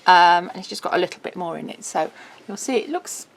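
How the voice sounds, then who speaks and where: A woman's voice: lowish voice, lively intonation, vocal fry, a little hiss or hum. Chatty woman showing a craft album. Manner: chatty, bubbly, quick laughs. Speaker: craft shop presenter. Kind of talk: casual product walkthrough.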